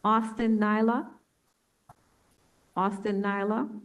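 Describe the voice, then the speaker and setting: A woman with a New York accent chairing a public board meeting, reading out a roll call slowly and deliberately. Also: mid-range voice, level tone, clear, resonant tone, poor audio. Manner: slow, deliberate name-reading.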